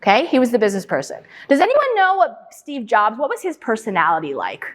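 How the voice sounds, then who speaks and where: A woman with a fairly high voice gives a lively lecture, firing questions at the audience and echoing their answers back. She spins anecdotes and keeps checking in with them as she goes. Her voice carries a long reverb from a large hall. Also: a little fast. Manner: lively anecdotal storyteller with frequent "right?" and "okay?". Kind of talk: interactive lecture with storytelling.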